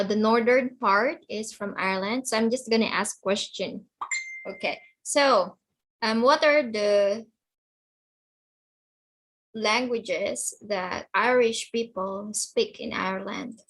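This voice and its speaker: Woman teacher on a video call, patient, repeats herself, slow delivery, slightly high voice. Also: a bit bright, low-quality recording. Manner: patient, repeats and checks understanding. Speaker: online English teacher. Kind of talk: slow explanatory teaching to children.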